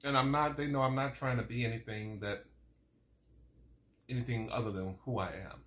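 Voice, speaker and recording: A man's voice: mid-range voice, fairly even intonation, normal speed, a bit bright, reverberant. A man in his forties chatting casually while eating, rambling through an old story and sometimes talking with his mouth full. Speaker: mukbang vlogger.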